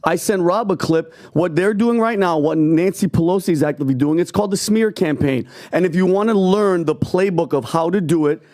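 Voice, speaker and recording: A man on a podcast panel, excitable and quick to set up the next clip. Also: high voice. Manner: quick, excitable, sets up clips. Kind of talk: casual chat.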